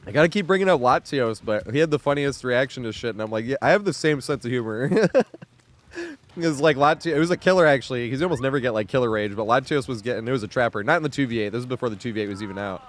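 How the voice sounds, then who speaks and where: A man's voice: mid-range voice, animated, quick pace. Laid-back, giggly male streamer. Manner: rambling, laughs often, swears casually. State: relaxed and stoned. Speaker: live streamer. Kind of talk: casual gaming stream chat.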